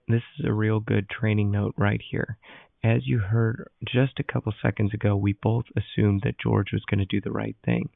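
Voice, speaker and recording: A man giving a calm instructive training note as a voice-over, explaining how to handle a dog. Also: fairly low pitch, moderate pace, creaky, no room sound. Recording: tinny phone-like voice-over.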